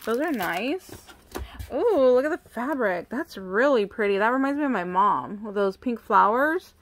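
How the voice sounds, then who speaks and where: A woman's voice: a little high, animated, moderate pace. A young woman chatting casually as she unboxes craft supplies, cooing over each item. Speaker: craft vlogger.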